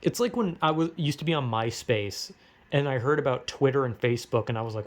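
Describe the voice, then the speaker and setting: A man's voice: mid-range voice, animated, brisk. Rambling young man, swearing a lot. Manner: rambling, heavy swearing and filler words; laughs between thoughts. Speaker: vlogger. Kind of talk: casual rambling monologue. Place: at home, cooking.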